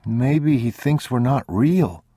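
A male audiobook reader voicing a gentle young boy who talks in a soft, earnest, pleading way. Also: mid-range voice, animated, takes it slowly, husky, no room sound, studio quality, voice pushed up.

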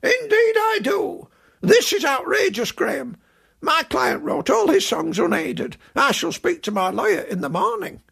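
A man putting on a high-voiced fussy agent. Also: sing-song, unhurried, a bit bright, exaggerated voice. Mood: indignant. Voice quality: high-pitched, gravelly. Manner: indignant, prim and officious. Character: fussy middle-aged male showbiz agent, high-voiced. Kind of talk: comic radio character acting.

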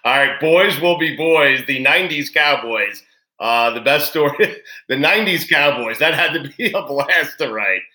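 A man hosting a sports talk interview with a bright, sharp-edged voice. He is eager and laughs easily, steering his guest toward the next story. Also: a little high, animated, normal speed. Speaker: host. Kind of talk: casual interview.

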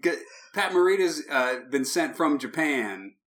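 A man co-hosting a casual movie podcast, with a bright, forceful tone at an ordinary pitch. He swears freely, jokes and laughs often as he riffs on the film. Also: expressive, measured pace. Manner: profane, joking, laughs often. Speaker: podcast co-host.

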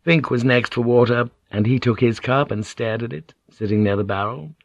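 A man giving scripted audiobook narration in a measured, grim storytelling manner, on a dull, lo-fi recording. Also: medium pitch, fairly even intonation, vocal fry, no echo.

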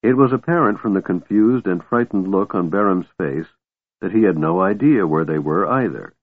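A man narrating a fantasy novel in a steady, measured way, recorded dry with a narrow phone-like sound. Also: low-pitched, dry recording. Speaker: audiobook narrator.

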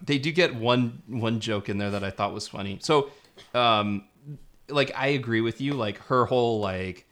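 A man's voice: mid-range voice, a bit bright. A man co-hosting a podcast, casually giving his take on a film in a laid-back way and chuckling now and then. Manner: laid-back, chuckling, talks through his points with restarts. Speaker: podcast co-host. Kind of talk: casual film review chat.

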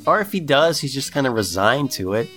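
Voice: medium pitch, very animated, fairly quick, a bit bright, faint music behind. A podcast co-host casually retelling a show's scenes with wry jokes. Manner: wry, jokey storytelling. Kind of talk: casual chat recapping a show.

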